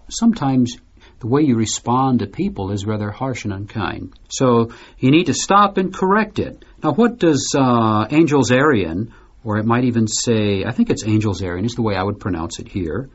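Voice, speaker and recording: Deep, husky man hosting a discussion. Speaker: host. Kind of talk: scripted learner podcast discussion. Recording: dull lo-fi recording.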